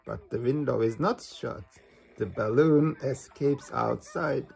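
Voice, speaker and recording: Slow, gravelly storybook reader. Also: mid-range voice, darkish tone, faint music behind. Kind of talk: storybook read-aloud.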